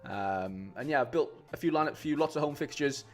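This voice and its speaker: A man chats casually to his live-stream viewers in a middle-pitched voice, rambling with plenty of fillers and restarts. Faint music plays quietly behind him. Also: animated, a little fast. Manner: chatty, rambling, many fillers and restarts, says "mate" a lot. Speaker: streamer building fantasy football lineups.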